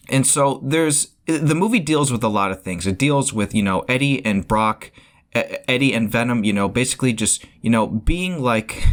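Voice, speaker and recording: A man giving a casual spoiler review of a film, rambling as he goes, often repeating words and restarting sentences. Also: mid-range voice. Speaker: movie reviewer.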